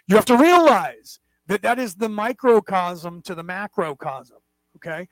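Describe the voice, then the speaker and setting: A man's voice: high-pitched, expressive, unhurried, dry recording, low-quality recording. A man hosting a class, talking in a rambling, digressive way, restarting words and checking in with his listeners. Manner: digressive, keeps checking in with "right?" and "okay?"; restarts and repeats words often. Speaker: class host. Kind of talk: rambling spoken lecture.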